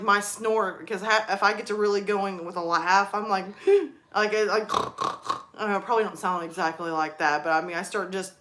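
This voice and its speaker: A young woman chatting on her live stream, telling stories with quick laughs. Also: mid-range voice, bright, forceful tone. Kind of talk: casual live stream chat.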